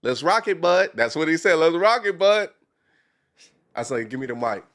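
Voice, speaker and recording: A man, a talk show host guesting on a podcast, telling a story with excitement, acting out quotes and swinging from whispers to shouts. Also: on the high side, normal speed. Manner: speaks some Spanish and English. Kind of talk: animated storytelling in casual chat.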